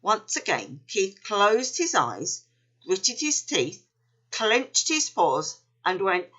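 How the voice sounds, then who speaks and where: A woman reading a children's story aloud in an expressive, unhurried way. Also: medium pitch, highs cut off.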